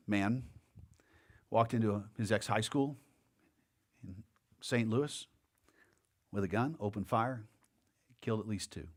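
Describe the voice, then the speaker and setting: A man preaching a sermon as a pastor, in a conversational way, often repeating words and acting out the lines of the people in his story. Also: lowish voice.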